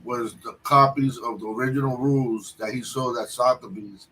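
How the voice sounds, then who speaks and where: A man telling a long personal story on a livestream, halting often and restarting his sentences. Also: medium pitch, fairly even intonation, bright, forceful tone. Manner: halting, with many restarts and fillers. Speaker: guest storyteller. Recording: distant mic with faint background noise.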